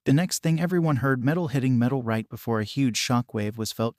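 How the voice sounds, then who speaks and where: A man giving scripted narration of a fan-fiction story in a flat, even reading style that reads punctuation aloud. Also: mid-range voice, no room sound, studio quality.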